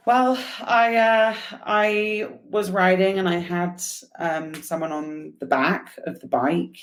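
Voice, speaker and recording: A woman guest on a podcast, telling a personal story in an animated, chatty way with laughs and fillers. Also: lowish voice, takes it slowly. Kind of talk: casual storytelling interview.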